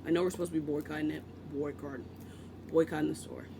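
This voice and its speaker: Man, high voice, casual vlog chat, rambling, joking asides, faint background hiss. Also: fairly even intonation, fast, creaky. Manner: chatty, self-interrupting, joking asides. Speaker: book vlogger.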